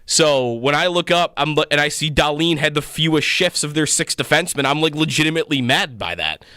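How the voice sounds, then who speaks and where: Bright, animated sports radio man. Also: a little high, no echo, studio quality. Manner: animated, opinionated, quick bursts. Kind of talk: sports talk radio banter. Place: radio studio.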